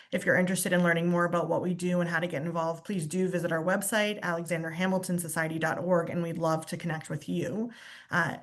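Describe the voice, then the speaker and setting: A woman's voice: lowish voice, a bit bright. A woman hosting an online book talk over a video call, giving a formal introduction and then asking conversational questions. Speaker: host introducing a guest. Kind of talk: moderating a virtual book talk.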